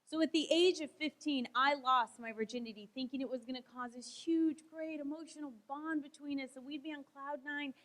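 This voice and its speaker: A woman's voice: high voice, steady tone, a little fast, few pauses, a bit bright. A young woman giving an earnest personal testimony as a guest speaker. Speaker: guest speaker, his wife.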